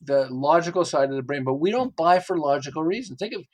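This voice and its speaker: Speaking fast in a slightly high voice, a middle-aged man who's a marketing expert guest tells stories in a relaxed interview. He's an animated storyteller who performs the quotes he recounts.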